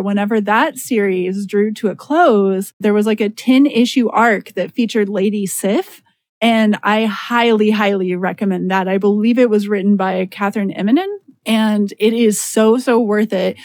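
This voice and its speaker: A woman's voice: mid-range voice, darkish tone, dry recording. Woman, podcast host, casual chat, enthusiastic, dry sound. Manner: enthusiastic, recommending, chatty.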